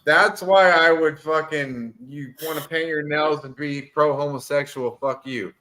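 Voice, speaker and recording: A man's voice: fairly high pitch, fairly even intonation, a little slow, pushed and bright, rough recording. A man co-hosting a live sports chat stream, brash and profane in his banter. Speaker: sports radio co-host. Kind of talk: casual sports chat while watching a game.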